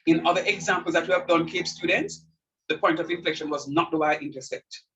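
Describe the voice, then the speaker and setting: Husky-voiced man teaching calculus. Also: a little high, brisk, sharp tone, highs cut off. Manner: repeats key points emphatically and checks understanding. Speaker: calculus lecturer. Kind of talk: classroom math lecture.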